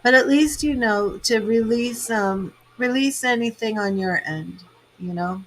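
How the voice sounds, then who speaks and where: On a live stream, a female tarot reader and psychic medium talks with her viewers in a rambling, emotional way, using many fillers and sometimes growing tearful. Her voice sits on the high side, a bit bright and a little slow, captured in a rough recording.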